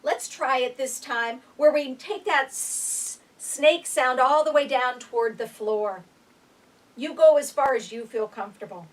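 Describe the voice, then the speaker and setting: High-voiced woman slowly guiding breathing. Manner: calm, counts breaths aloud, gentle guiding instructions. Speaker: breathing and movement instructor. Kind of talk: guided chair breathing exercise. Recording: voice picked up from a distance.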